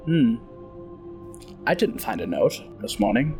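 A man narrating as game master of a tabletop role-play, relaxed and full of fillers. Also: mid-range voice, unhurried, faint music behind. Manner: relaxed, with many fillers and restarts.

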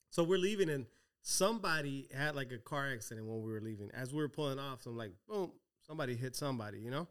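A man's voice: mid-range voice, lively intonation, fast talker, clear, resonant tone. A male podcast host in casual chat, playful and teasing, full of slang and Spanish asides.

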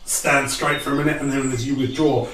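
A man running a tabletop game as game master, narrating scenes and guiding players through combat. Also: medium pitch. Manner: slow, unhurried storytelling with lively intonation. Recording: roomy, distant, noisy home recording.

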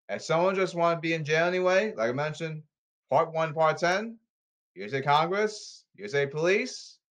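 Man with repetitive, emphatic podcast rambling. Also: on the high side. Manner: repetitive, emphatic, stop-start phrasing. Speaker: podcast host. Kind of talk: rambling solo commentary.

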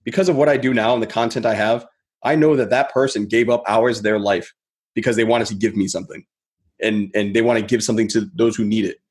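A man's voice: lowish voice, steady tone, fast. A man who is a podcast guest, talking in a reflective, rambling way and often circling back on his thoughts. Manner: rambling, reflective, many "you know" fillers and restarts. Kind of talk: casual podcast conversation.

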